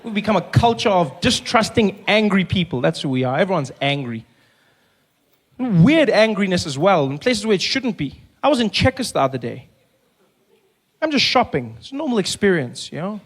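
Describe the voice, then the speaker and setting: Animated South African comedian, high voice. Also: male voice, normal speed. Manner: animated storytelling, acts out characters in many voices. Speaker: stand-up comedian. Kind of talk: stand-up comedy set.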